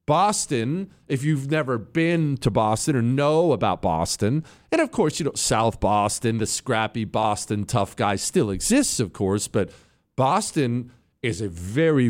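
A man hosting a talk radio show, delivering an opinionated monologue in a conversational way, with asides to his studio crew. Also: on the high side.

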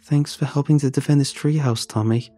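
A man's voice: medium pitch, fairly even intonation, brisk, dark tone, dry recording, pitched above the performer's own voice, natural voice. A man doing a grinning boy ghost, teasing. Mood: warm. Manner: teasing and upbeat.

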